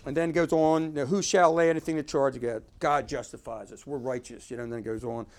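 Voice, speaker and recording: A man's voice: medium pitch, steady tone, a little fast. A man giving informal Bible teaching, talking conversationally and reading verses aloud with emphasis. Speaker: preacher.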